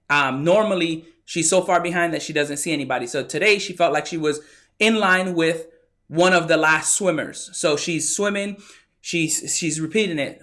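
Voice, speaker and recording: A man with a fairly high voice delivers a motivational talk. He tells a story with animated energy and acts out the lines of the people in it. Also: normal speed. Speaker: motivational speaker.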